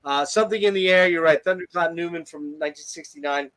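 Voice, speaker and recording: Fast-talking, with a voice on the high side and a bit bright, this man hosts an informal album review show. He's full of enthusiasm, cursing freely as he heaps praise on the songs.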